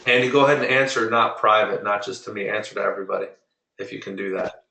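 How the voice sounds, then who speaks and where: A man teaching Spanish to a small group over a video call, patiently drilling and repeating words slowly. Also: on the low side, steady tone, vocal fry, sharp tone, echoey room, recorded from a distance, poor audio. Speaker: Spanish tutor. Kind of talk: online group lesson.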